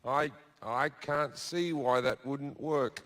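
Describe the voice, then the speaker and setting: A man telling a crude story as a stand-up comedian on a theatre stage, with deadpan asides and shouted put-on voices. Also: mid-range voice, takes it slowly, background noise. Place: theatre stage before a laughing audience.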